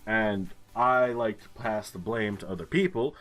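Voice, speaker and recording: Low-voiced man swearing through game commentary. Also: a little slow, faint music behind. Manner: swears a lot, thinks aloud, excitable. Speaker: gaming video host. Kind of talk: casual let's-play commentary.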